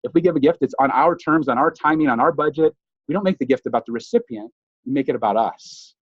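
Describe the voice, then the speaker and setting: A man telling a long personal story in a webinar talk, chatty and animated with fillers and restarts. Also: medium pitch, fast, breathy edge, no echo. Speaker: speaker. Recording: dull dry lo-fi audio.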